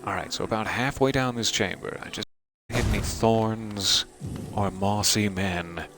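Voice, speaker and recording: Playful low-voiced man streaming a game. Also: fairly even intonation, measured pace, music in the background. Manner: playful, theatrical, self-mocking. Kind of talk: casual game commentary.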